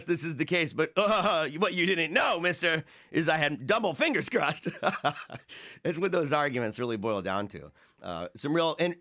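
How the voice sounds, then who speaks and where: A man's voice: mid-range voice, a bit bright. A man hosting a livestream show, chatting casually, rambling, mocking and laughing often as he reads viewer comments. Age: adult, married with young children.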